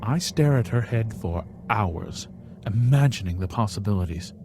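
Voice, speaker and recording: A man's voice: lowish voice, expressive, moderate pace, darkish tone, a little hiss or hum. A man reading a story aloud in the first person, theatrically, with sudden whispered asides. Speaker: storybook reader.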